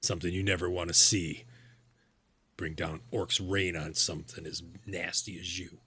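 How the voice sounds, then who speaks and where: A man's voice: low-pitched, flat delivery, normal speed, sharp tone, husky, no room sound, heavily acted. A man voicing a hostile captured male orc warrior who is crude and insulting. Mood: defiant.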